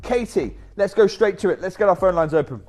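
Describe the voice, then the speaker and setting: A man's voice: high voice, brisk, faint music behind. Upbeat man presenting TV shopping. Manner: energetic, chatty, off-script asides. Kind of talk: live shopping channel selling.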